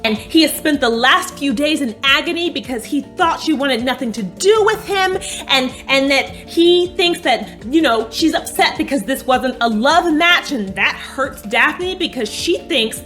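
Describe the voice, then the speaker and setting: A woman chatting casually as she recaps a TV episode, animated and playful, bursting into dramatic emphasis and swearing bluntly. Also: high-pitched, measured pace, faint music behind. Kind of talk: casual chat.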